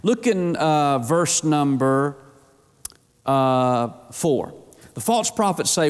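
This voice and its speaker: Male preacher, fairly high voice, sermon with call-and-response, long church-hall reverb. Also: lively intonation, slow pace, smooth.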